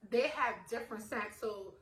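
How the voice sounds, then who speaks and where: A young adult woman telling her own story in a casual, animated way, full of fillers and acted-out dialogue. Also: a little high, moderate pace. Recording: roomy echo, faint ambience.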